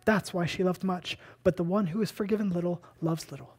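A pastor preaching a sermon, emphatic, posing rhetorical questions and moving between hushed lines and loud ones. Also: medium pitch, fairly quick, husky. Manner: asks and answers rhetorical questions.

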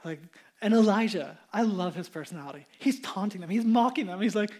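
A male pastor preaching to a mixed congregation of adults and children. He tells the story in a casual, conversational way and becomes animated at the big moments. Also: sits high, fairly quick. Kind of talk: sermon.

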